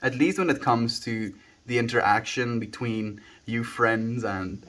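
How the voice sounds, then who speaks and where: A man's voice: medium pitch, a little slow, a bit bright. A South African man from South Africa chatting casually on a livestream from home into a handheld phone, musing aloud and thanking viewers by name.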